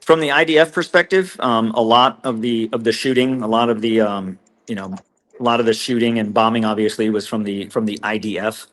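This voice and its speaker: A man, recounting what he witnessed as a guest in an interview, earnest and halting with frequent restarts. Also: lowish voice, fairly even intonation, fairly bright tone. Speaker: whistleblower guest.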